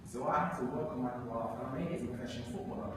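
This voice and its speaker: A man's voice: mid-range voice, very fast, background noise. A young man from England with an English accent, telling his story as a live motivational speaker, acting out voices and stirring up the crowd. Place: large hall on stage. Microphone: far from mic. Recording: echoey hall, far from mic.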